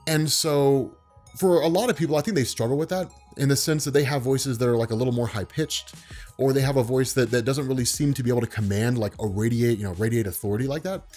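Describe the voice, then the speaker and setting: A man vlogging in a relaxed, unhurried way, with a voice that carries and commands attention, spoken from the diaphragm. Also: medium pitch, soft background music. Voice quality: carrying, commanding voice. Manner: calm, laid-back, unhurried; speaks from the diaphragm. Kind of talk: relaxed talk to camera.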